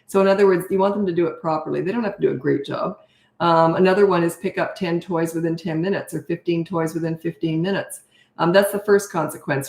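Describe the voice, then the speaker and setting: The same parenting coach, lower-voiced and a little mellow, responds to viewer questions during a live session. She's direct and blunt, sprinkling in "okay?" and "right?", and the room gives off a noticeable echo.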